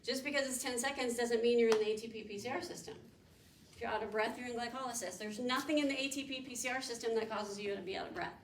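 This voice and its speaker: A woman's voice: on the high side, fast talker. A woman professor giving a classroom lecture, quizzing students and explaining step by step. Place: lecture room. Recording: echoey room mic from far off, background noise.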